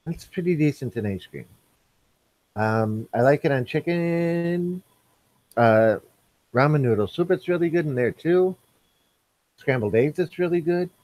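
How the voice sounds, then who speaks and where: A man's voice: a little high, expressive, unhurried, long pauses, a little mellow, dry recording. A man hosting a casual live stream, reading viewers' chat messages aloud and answering them.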